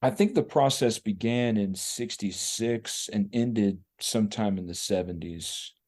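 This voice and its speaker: A man hosting an interview, asking plain, measured questions. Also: fairly low pitch, darkish tone. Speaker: interviewer and host.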